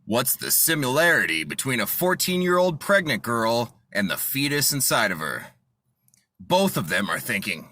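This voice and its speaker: A man reading dark one-liner jokes, dropping deadpan into the punchlines. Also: medium pitch, normal speed, no echo. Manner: deadpan punchline delivery with lively swings. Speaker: comedy content creator.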